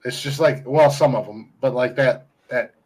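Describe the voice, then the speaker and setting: A man's voice: medium pitch, normal speed, darkish tone, slightly rough, poor audio. Guy hosting a podcast, ohio, rambly, swears a lot, laughs a bunch. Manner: rambling, crude, laughs often. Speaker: podcast host. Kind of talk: casual chat.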